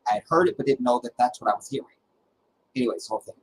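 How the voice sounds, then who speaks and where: A middle-aged man hosting a livestream, telling personal stories in a dramatic, animated way with halting restarts. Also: mid-range voice, a little hiss or hum, low-quality recording. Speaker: livestream host. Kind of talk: casual personal storytelling.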